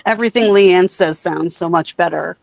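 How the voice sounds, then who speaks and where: A woman's voice: lowish voice, moderate pace, gravelly, darkish tone, no room sound. A woman guest on a casual online panel chat, wry and sarcastic.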